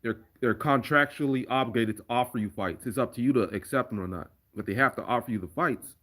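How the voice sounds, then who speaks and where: Man, casual live-stream host, conversational, rambling, mid-range pitch. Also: fast talker, bright, forceful tone. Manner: rambling, conversational, restarts often. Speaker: live stream host making fight remixes. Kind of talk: casual live chat reading viewer comments.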